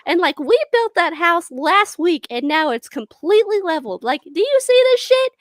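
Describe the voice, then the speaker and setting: A woman's voice: sits high, sing-song, measured pace, fairly bright tone, no room sound, voice pushed up, full character voice. A woman voicing a female goblin leader who rants indignantly, then turns apologetic. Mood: ranting. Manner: ranting, exasperated, then apologetic.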